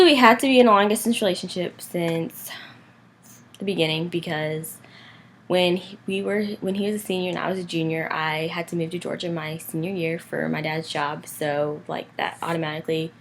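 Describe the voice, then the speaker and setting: A woman's voice: lowish voice, slight background noise. A young woman vlogging in casual chat with her boyfriend, talking loosely with lots of fillers. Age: young adult. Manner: chatty, lots of "like" and "um".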